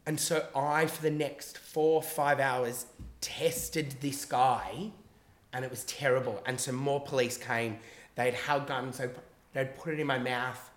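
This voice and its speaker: A man telling a long personal story in casual chat on a podcast. He is animated and swears freely, and he acts out the quotes in his story. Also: medium pitch, a little slow, roomy sound.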